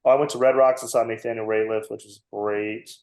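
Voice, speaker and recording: A man's voice: lowish voice, fairly even intonation, quick pace, a little mellow. A man in his forties, a comedian guest, telling a long, self-mocking story on a podcast and laughing often. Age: 40s. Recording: roomy echo.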